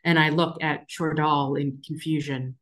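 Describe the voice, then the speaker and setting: A woman playing a tabletop role-playing game, casual and animated, cursing freely. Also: sits low, measured pace. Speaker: player. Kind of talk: casual play with in-character speech.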